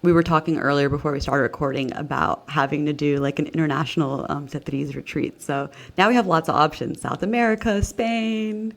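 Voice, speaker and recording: A woman with a Californian accent co-hosts a casual podcast chat. Her voice sits very low with a gravelly fry, and she talks in a relaxed way, full of "um" and "like.". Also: a little fast, few pauses. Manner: relaxed, fond of "like" and "um". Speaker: podcast co-host.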